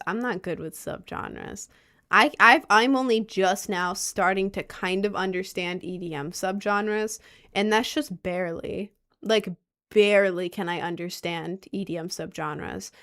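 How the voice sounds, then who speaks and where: A woman's voice: mid-range voice, fairly even intonation, a little slow, fairly bright tone. A young woman chatting casually on a vlog, rambling and unsure of herself, with lots of fillers and restarts. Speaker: vlogger.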